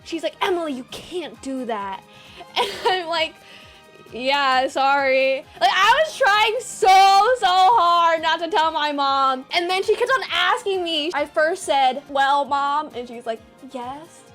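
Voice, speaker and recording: Young woman streaming, high voice, tells stories to chat all animated, faint music behind. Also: measured pace. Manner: animated, swears, acts out quoted voices. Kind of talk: casual storytelling to chat.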